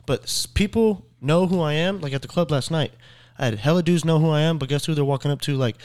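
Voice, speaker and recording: A man's voice: on the high side, fast, a little mellow. A young man in his twenties, a social media creator, chatting casually and earnestly about fans, with plenty of swearing. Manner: earnest, swears, quotes fans' words. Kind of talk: casual chat.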